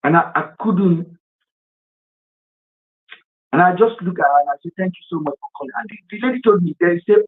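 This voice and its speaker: A man's voice: sits high, lively intonation, a little fast, long pauses. A man with a Nigerian accent hosting a live stream, speaking earnestly and with passion, sometimes slipping into Pidgin. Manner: earnest and impassioned, mixes in Pidgin. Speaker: livestream host. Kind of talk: emotional live-stream talk. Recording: tinny phone-line sound.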